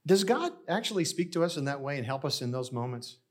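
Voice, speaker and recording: A middle-aged male pastor delivering a sermon. He talks in a relaxed, conversational storytelling manner and turns to the congregation now and then to keep them with him. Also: on the high side, fast, slightly rough.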